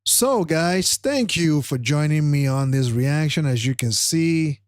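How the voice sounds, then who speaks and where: A man's voice: fairly high pitch, animated, measured pace, dry recording, clean studio sound. A tired man hosting a live stream, rambling casually with many fillers and restarts. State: tired, struggling to stay awake.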